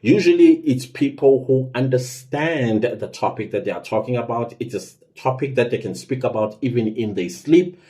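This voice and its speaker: A man talks through advice in a loose, conversational way, leaning on certain words for emphasis and now and then trailing off into fillers. His voice sits mid-pitch with a dark, mellow tone. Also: normal speed, few pauses. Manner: conversational, lively emphasis, self-corrections and fillers. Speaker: podcast host giving tips. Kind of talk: casual instructional talk.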